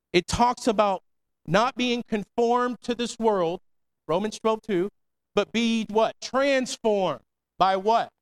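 A man with a high, clear, resonant voice preaches to his congregation. He drives his points with quick rhetorical questions and repeated calls of "come on", in a lively call-and-response sermon style. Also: rough recording. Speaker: pastor.

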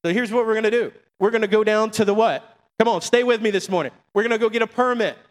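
A middle-aged man preaches from a church sanctuary in a high voice. He keeps throwing asides back to the congregation, and his words ring out with a long hall reverb. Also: quick pace. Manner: preaching with call-and-response asides. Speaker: pastor. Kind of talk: sermon.

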